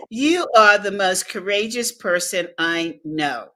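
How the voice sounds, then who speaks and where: A woman's voice: mid-range voice, measured pace, hardly any pauses. A woman guest in an interview, telling personal stories and acting out the dialogue in them. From United States. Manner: animated storyteller acting out dialogue, laughing. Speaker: guest speaker. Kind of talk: interview storytelling.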